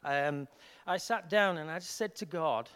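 A man's voice: a little high, unhurried, clean tone. Earnest Yorkshire man in a reverberant hall. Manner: earnest, heartfelt, swings between soft and emphatic. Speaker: healing minister. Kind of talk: personal testimony talk.

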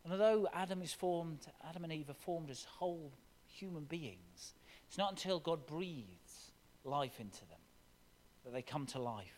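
A man preaching a sermon with expressive, dramatic scripture reading in a church. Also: a little high, moderate pace. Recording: long reverb of a large hall.

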